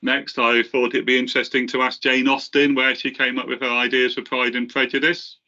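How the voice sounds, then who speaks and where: Bright-voiced man presenting a webinar. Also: mid-range voice, level tone, lo-fi sound. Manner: halting, many fillers and restarts. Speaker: presenter from the software team.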